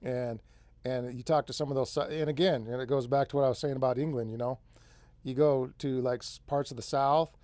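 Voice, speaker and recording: A man's voice: medium pitch, steady tone, brisk, warm tone, dry recording. A man with a central Californian accent hosting an off-grid live stream, chatting casually and rambling, often saying man and dude. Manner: rambling, easygoing, says man and dude a lot. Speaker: off-grid channel host.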